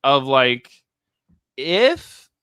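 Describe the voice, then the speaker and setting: A man's voice: medium pitch, very animated, drawn-out words, sharp tone, smooth, dry recording. A man co-hosting a reality TV recap livestream, chatting casually and mimicking people as he retells scenes. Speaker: co-host of a reality TV recap show.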